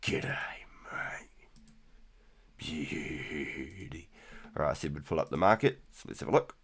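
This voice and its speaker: A man in his thirties casually chatting through a live game stream, relaxed and rambling, with keyboard clicks behind him. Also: extremely low pitch, racing. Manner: relaxed, rambling, repeats words. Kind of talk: casual gameplay commentary.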